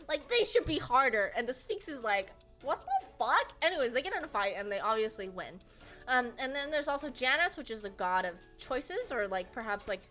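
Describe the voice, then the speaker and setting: A woman's voice: on the high side, pushed and bright. A young woman casually retelling a book's plot to friends, rambling and swearing, with lots of "um" and "like" and frequent laughs. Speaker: presenter. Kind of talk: casual comedic plot summary.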